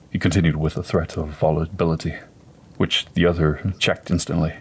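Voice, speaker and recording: Male narrator, deep voice, husky, steady, unhurried storybook reading.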